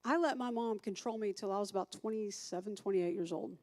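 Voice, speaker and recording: A woman's voice: mid-range voice, brisk, darkish tone. A woman teaching a recovery class as a sponsor, chatty, thinking aloud and asking the group questions.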